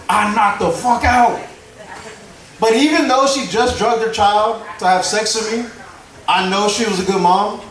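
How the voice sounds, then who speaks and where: A man's voice: high-pitched, recorded from a distance. A young man from Houston doing a stand-up comedy set, loose and conversational, laughing at his own punchlines. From Houston, Texas. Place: comedy club stage before a live crowd. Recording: roomy club recording with crowd noise.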